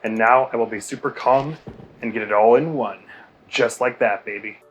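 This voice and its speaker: Man, mid-pitch, grumbling let's-play host who mocks himself, faint game music behind. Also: moderate pace, dull audio. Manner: rambling, self-mocking, exasperated grumbling. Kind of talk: casual gameplay commentary.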